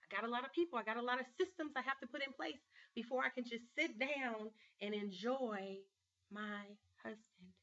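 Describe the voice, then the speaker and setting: A woman with a bright, forceful voice tells a personal story in an earnest vlog monologue, pushing her words hard when she gets stirred. The audio is slightly dull and lo-fi, like a home webcam. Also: sits high, fast, few pauses. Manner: earnest, storytelling, emphatic with rising bursts. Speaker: life coach and show host.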